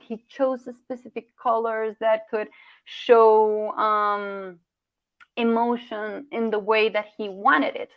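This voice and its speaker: A woman's voice: a little high, clean tone, dry recording. Upbeat woman coach, lo-fi audio. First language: Spanish. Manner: encouraging, asks "right?" often, with restarts. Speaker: communication coach. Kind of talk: online workshop presentation.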